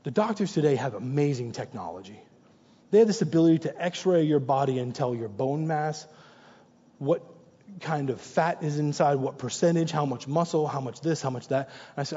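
A man's voice: a little high, expressive, moderate pace, warm tone, breathy edge. A male pastor preaching a sermon in a conversational, anecdotal way, repeating short exhortations for emphasis. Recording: long reverb, dull muffled sound.

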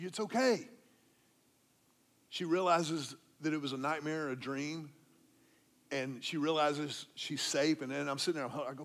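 A middle-aged man, preaching a sermon as pastor and telling a story, dropping to a hush when he quotes himself comforting someone. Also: a little high, moderate pace.

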